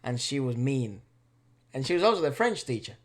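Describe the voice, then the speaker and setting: A young man, native in Spanish, tells stories in casual chat. He is animated and laughing, drops swear words freely, and sounds like a young adult co-host on a reaction channel. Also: mid-range voice, fairly quick.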